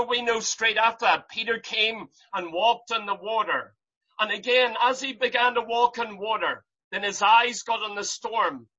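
A preacher with a medium-pitched voice delivers an impassioned sermon, piling up rhetorical questions and rising to loud cries. The audio sounds dull.

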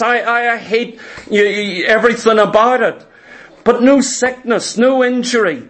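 A man preaching, his voice sitting unusually high. He builds his points through repetition and asks his listeners question after question. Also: a bit bright. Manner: fervent, repetitive preaching cadence with rhetorical questions. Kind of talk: sermon.

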